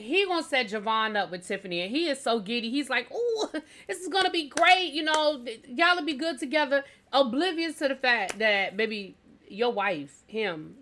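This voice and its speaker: A woman's voice: medium pitch, pushed and bright. A woman reviewing a TV episode for her channel, chatting animatedly and calling viewers baby and child. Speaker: TV show reviewer. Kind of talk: casual review chat.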